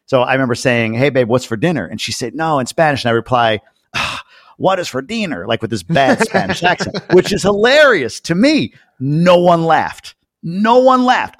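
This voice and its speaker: A man hosting a podcast interview, telling stories in an animated way and swearing casually. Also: a little high, no room sound, studio quality. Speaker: podcast host. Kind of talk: casual interview chat, storytelling.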